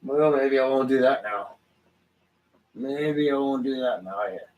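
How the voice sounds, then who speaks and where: Slow-talking man ranting on a livestream. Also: mid-range voice, darkish tone, lo-fi sound. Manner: rambling, profane, ranting at chat. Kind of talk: casual livestream chat.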